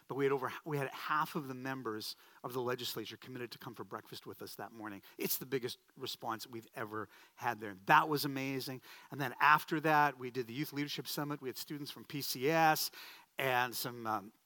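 A middle-aged man preaching a sermon, telling stories in an animated, self-deprecating way with frequent restarts. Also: mid-range voice, a little fast, dry recording. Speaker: pastor.

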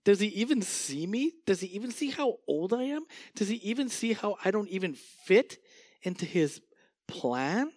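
A man voicing an old woman who scoffs in disbelief, in a high, incredulous falsetto. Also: big pitch swings, normal speed, darkish tone, no echo. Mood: scoffing. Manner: mocking, laughing.

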